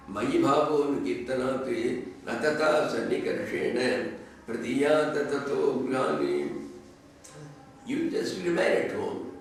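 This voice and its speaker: A man with an Indian English accent, a swami giving a scripture discourse, who chants Sanskrit verses and then explains them in conversational, teasing English. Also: on the high side. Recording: echoey hall audio from far off, faint noise.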